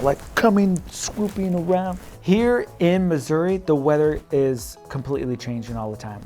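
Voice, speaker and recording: Midwestern dude in his thirties, joking around giving advice to camera, kinda high voice, soft music in the back. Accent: Midwestern American. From Midwest, United States. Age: 30s. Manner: playful, laughing, quick swings in pitch and loudness. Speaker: realtor vlogger. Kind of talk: casual direct-to-camera advice.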